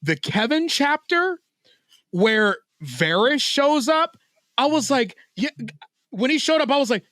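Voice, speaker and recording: A man co-hosting a podcast in casual chat, animated, acting out scenes and swearing freely. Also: extremely high pitch, a little slow, no echo. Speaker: podcast co-host.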